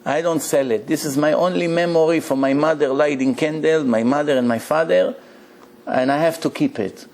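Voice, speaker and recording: A man's voice: a little high, steady tone, moderate pace, a little mellow, lightly acted. A man voicing a stubborn teenage boy who firmly refuses to sell his family heirloom. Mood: defiant.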